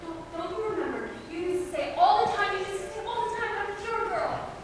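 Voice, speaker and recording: Actress as desperate young bride, high, bright, distant stage echo. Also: female voice, lively intonation, a little fast, soft background music. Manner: desperate, pleading. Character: frightened young bride begging her father. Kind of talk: stage play acting. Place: theater stage. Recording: roomy hall, from far off.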